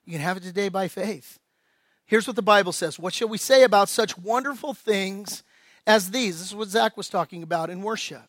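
A man with a notably high voice delivers an impassioned sermon as a pastor. He swings from loud, ringing emphasis to quiet, drawn-out appeals. The sound is dry and close, with little room around it. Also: no echo. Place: church.

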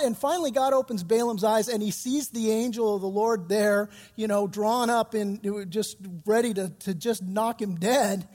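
A man's voice: extremely high pitch, normal speed, big-room sound. A man pastor giving a sermon, retelling scripture in casual, slangy storytelling.

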